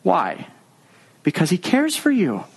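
An earnest male pastor preaching in a conversational, unhurried way. His voice sits a little high for a man. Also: wildly swooping pitch, slightly rough, rough recording. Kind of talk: sermon.

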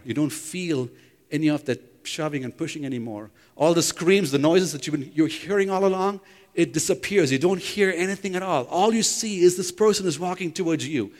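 A man preaching a sermon to his congregation, telling an imagined story with lively questions to the listeners. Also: on the high side. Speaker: pastor. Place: church sanctuary. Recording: long hall reverb.

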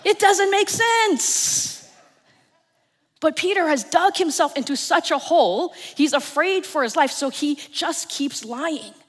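A woman with a New Jersey accent preaching a Sunday sermon, telling the story with dramatic swings from loud to hushed. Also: sits high, lively intonation, takes it slowly. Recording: long church reverb.

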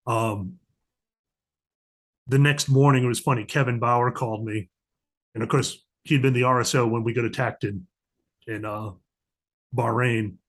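A man's voice: medium pitch, a little slow, long pauses. A middle-aged man, a podcast guest, casually telling stories and acting out the lines of the people in them. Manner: animated storyteller, acts out quoted dialogue. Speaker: podcast guest, diplomatic security agent. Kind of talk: casual storytelling interview.

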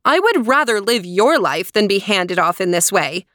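Lady playing a young princess, high pitched, emphatic and strong-willed. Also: very animated, moderate pace, a bit bright, dry recording, clean studio sound. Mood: weary. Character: spirited, defiant young princess.

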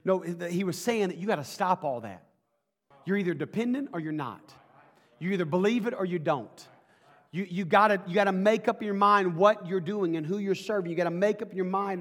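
Man, pastor, sermon, high voice, folksy then fervent, long church reverb. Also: moderate pace, fairly bright tone. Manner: folksy, builds to fervent preaching.

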